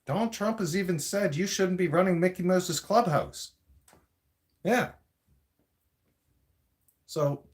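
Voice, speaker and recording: A man's voice: a little high, sing-song, slow pace, pauses often. Crude ranting man. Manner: crude, mocking, repetitive rant with cursing; vaping while talking. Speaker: vlogger. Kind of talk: profane political rant.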